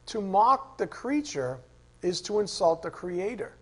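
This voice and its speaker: A man teaching a Bible study class. He asks the class questions, reads verses slowly and repeats the key lines. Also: sits high, lively intonation, husky. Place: classroom with a board.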